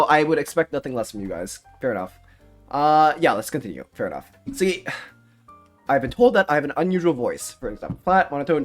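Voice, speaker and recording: A young man rambles to his stream chat, swearing casually and drifting off on tangents. His pitch bounces widely, and faint music plays in the background. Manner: rambling, goes off on tangents, swears, laughs often.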